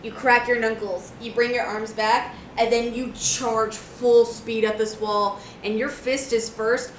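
A woman running a tabletop game as game master, narrating the action in a lively, casual way. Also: fairly high pitch, a little slow, slight background noise. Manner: lively, swearing, laughs often. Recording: roomy echo.

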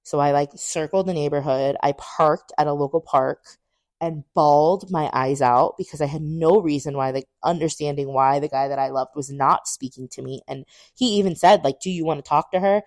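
A woman's voice: moderate pace, no echo, studio quality. A woman in her twenties, a podcast co-host, telling a personal story candidly and acting out quoted dialogue. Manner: animated, acts out quoted dialogue with big pitch jumps; candid, swears casually.

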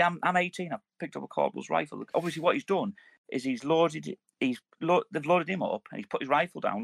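Fast-talking army veteran man. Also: mid-range voice, vocal fry, dry recording. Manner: rambling, restarts, heavy swearing. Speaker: podcast host, army veteran. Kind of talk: casual swearing banter, war stories.

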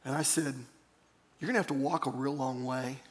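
A man's voice: medium pitch, steady tone, fairly quick. A man pastor preaching a sermon, earnest and storytelling, calling on the congregation to repeat phrases after him.

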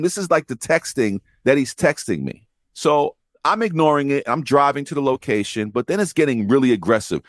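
Animated profane man telling driving stories. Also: mid-range voice, fairly quick, no room sound, clean studio sound. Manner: animated, profane, acts out quoted voices. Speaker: podcast host telling rideshare driver stories. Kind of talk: casual storytelling chat.

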